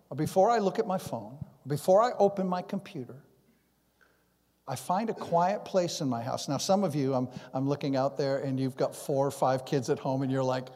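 Man, pastor, sermon, high voice, acts out dialogue, long hall reverb. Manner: animated, acts out conversations, drops to a hush. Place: church sanctuary.

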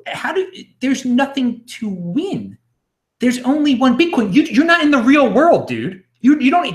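Animated ranting man in an echoey room. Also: extremely high pitch. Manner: animated, sarcastic, combative. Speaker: livestream host. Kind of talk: ranting livestream commentary. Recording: roomy echo.

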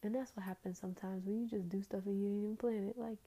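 A woman's voice: medium pitch, fairly even intonation, quick pace, warm tone. A tired woman hosting a casual, rambling faith talk, trailing off into fillers.

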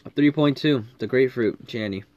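A man co-hosting a casual chat, ranting and swearing through quick complaints. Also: medium pitch, darkish tone, a little hiss or hum. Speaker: podcast co-host. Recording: dull lo-fi dry sound.

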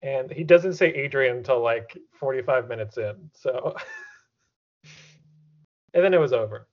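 A man's voice: mid-range voice, measured pace, dull audio. A man in a casual podcast chat, joking in a dry way. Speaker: podcast co-host.

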